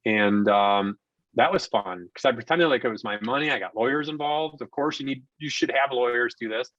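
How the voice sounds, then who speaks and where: Animated storytelling man in his forties. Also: mid-range voice, normal speed, dry recording, lo-fi sound. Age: 40s. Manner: animated storyteller who acts out quoted dialogue. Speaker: podcast guest, investor and contractor. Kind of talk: casual storytelling interview.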